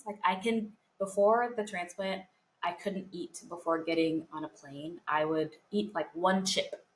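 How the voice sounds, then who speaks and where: A woman's voice: mid-range voice, fairly bright tone. A young woman co-hosting a podcast, talking in an earnest, emotional way about faith and her own life. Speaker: podcast co-host. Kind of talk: heartfelt casual chat.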